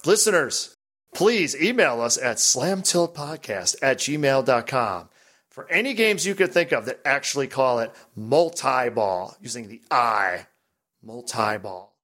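A man hosting a casual pinball podcast, chatty and rambling, animated as he talks. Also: medium pitch, normal speed. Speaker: podcast host.

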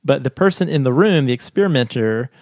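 A man's voice: medium pitch, lively intonation, brisk, no echo, studio quality. A man co-hosting a podcast, explaining a research study in a chatty way and laughing often. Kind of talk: casual science chat.

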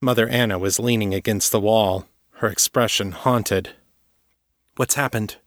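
A man narrating an audiobook story in an even, measured way. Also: lowish voice, no echo, studio quality. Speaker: author and narrator.

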